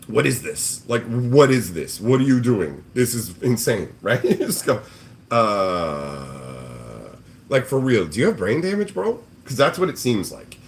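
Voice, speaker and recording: A man's voice: medium pitch, very animated, a little slow. A man hosting a casual livestream, ranting in a profane, exasperated way about card game scalpers and mocking people with put-on voices. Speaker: card game show host.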